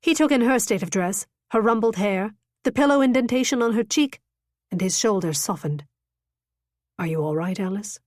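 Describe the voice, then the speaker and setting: A woman narrating a romance audiobook in an expressive, dramatic reading style. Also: fairly high pitch, normal speed, no room sound, studio quality. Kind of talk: scripted narration.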